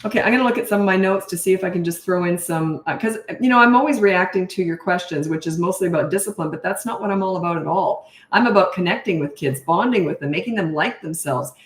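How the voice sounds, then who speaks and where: A woman's voice: fairly low pitch, fast, few pauses, reverberant. A middle-aged woman, a parenting coach, answering questions in a frank, chatty way and laughing at herself. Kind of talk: casual live Q&A chat.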